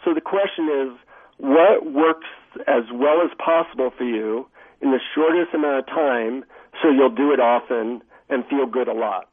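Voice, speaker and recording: Husky man telling stories over the phone. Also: medium pitch, normal speed. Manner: animated storyteller, many fillers. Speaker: author and guest. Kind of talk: phone interview storytelling. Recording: tinny phone line.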